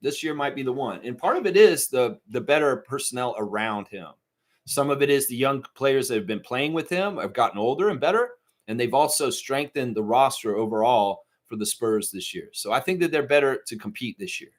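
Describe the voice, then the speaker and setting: A man's voice: medium pitch, brisk. A man hosting a live stream, chatting casually, reading viewer comments and breaking into mocking outbursts. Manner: animated, swings into mocking impressions and shouts; reads and answers viewer chat.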